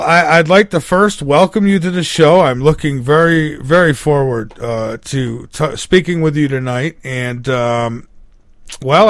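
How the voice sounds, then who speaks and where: A man's voice: on the high side, dry recording. Stumbling male radio host, dry sound. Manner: stumbling, hesitant, filler-heavy. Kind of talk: live radio interview.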